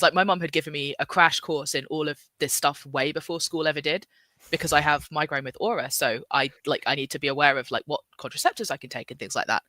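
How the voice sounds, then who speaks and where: A man's voice: a little high, bright, forceful tone, dry recording. A man, a podcast co-host, rambling in casual chat with plenty of filler words.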